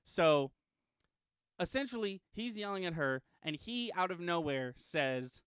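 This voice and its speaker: A man with a smooth, clear, slightly high voice, recorded dry and close. He co-hosts a casual podcast and tells stories in an animated way, stumbling through ums and restarts. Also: a little slow, no room sound. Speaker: podcast co-host.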